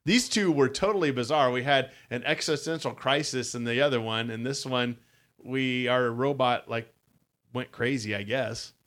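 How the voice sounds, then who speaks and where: A man co-hosts a podcast in easy, casual chat, laughing often as he talks. He also reads story passages aloud, and his voice sits in a plain middle pitch. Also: moderate pace, fairly bright tone. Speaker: podcast co-host. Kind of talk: casual chat with book reading.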